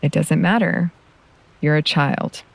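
A woman reading a story, voicing a protective mother who speaks calmly and firmly. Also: deep voice, takes it slowly, creaky, dry recording, exaggerated voice. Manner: calm, firm delivery. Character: protective mother, firm but gentle.

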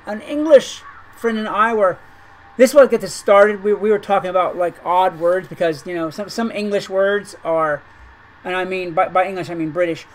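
A woman's voice: mid-range voice, poor audio. A woman making a chatty gaming video, talking in an incredulous, rambling way and often repeating her words. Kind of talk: chatty commentary over gameplay.

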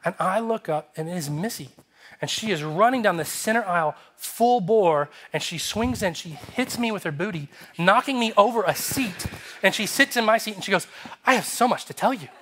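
Guy pastor preaching, kinda high voice, tells stories and does the voices. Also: moderate pace. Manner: animated, acts out dialogue in his story. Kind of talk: sermon with storytelling. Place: church sanctuary.

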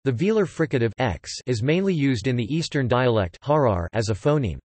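Male text-to-speech narrator, mid pitch, flat machine reading of reference text, bone-dry close sound. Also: a little fast, no room sound. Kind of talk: synthetic encyclopedia narration. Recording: dry, close synthetic audio.

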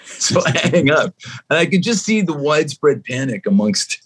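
Husky-voiced man telling a lively anecdote. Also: a little high, moderate pace. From Canada. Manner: animated, acts out other people's lines in shifting voices. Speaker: guest musician. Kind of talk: storytelling anecdote in a podcast chat.

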